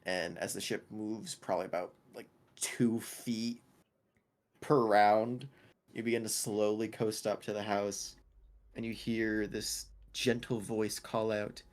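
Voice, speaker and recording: A man's voice: fairly low pitch, steady tone, takes it slowly. A young man narrating as game master for a tabletop game, casual and laughing often, with many fillers.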